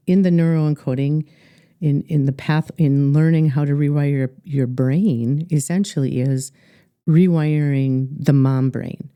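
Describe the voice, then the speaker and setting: A middle-aged woman with an Upper Midwest American accent, a life coach telling her story earnestly in a podcast interview, halting with many fillers. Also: deep voice, dark tone, clear, resonant tone, dry recording.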